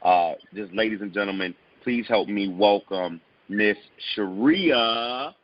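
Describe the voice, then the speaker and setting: A man with a very deep voice hosts an interview show in an upbeat, welcoming way. His sound is dull and lo-fi, like a call recording. He sometimes trips over his words and repeats them. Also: slow pace, slight background noise. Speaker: host. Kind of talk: online interview show hosting.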